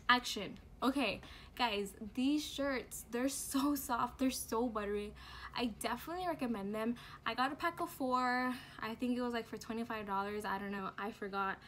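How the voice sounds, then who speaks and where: A woman's voice: fairly high pitch, moderate pace, a bit bright, a little hiss or hum. A young woman reviewing products in a casual home vlog, bubbly and chatty with slang and fillers. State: out of breath from heat. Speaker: beauty and lifestyle vlogger.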